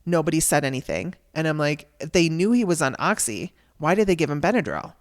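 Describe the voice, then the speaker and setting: A woman's voice: sits low, big pitch swings, fairly quick. A woman hosting a podcast, telling a raw personal story in a candid, emotional way and swearing casually. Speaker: podcast host.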